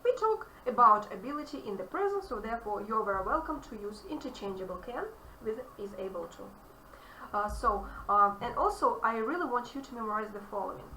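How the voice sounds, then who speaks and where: A woman with a Russian accent teaches English grammar in a bright, forceful voice that runs a little high. She leans on key phrases and repeats them for emphasis. The sound is roomy and echoey, picked up from a distance with faint noise. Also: animated, fairly quick. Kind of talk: online grammar lesson.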